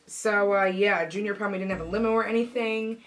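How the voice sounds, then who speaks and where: A young adult woman telling a personal story in a casual vlog, animated and acting out the voices of the people in it. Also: medium pitch, a little fast, soft background music. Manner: animated, acts out quoted voices. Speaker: vlogger.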